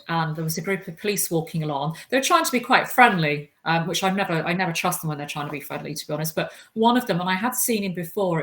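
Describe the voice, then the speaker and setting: A woman with a fiery, animated manner, telling her story as an interview guest. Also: lowish voice. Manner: animated when recounting, fiery. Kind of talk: conversational interview.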